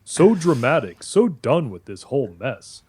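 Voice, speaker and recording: A text-to-speech male voice putting on a flamboyant, campy gay man with a gravelly rumble. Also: big pitch swings, darkish tone. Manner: camp, drawn-out endearments.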